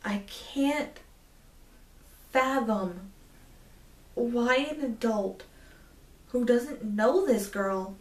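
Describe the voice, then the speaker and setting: Woman, twenties, indignant storytime, filler-heavy, roomy, distant mic. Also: a little high. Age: 20s. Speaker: vlogger. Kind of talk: storytime vlog.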